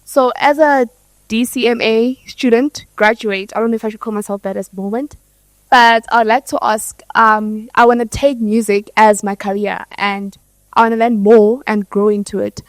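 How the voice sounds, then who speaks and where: A woman's voice: on the high side, fairly even intonation, normal speed, no echo, low-quality recording. A woman in the audience, a recent graduate, asking a hesitant question about her music career.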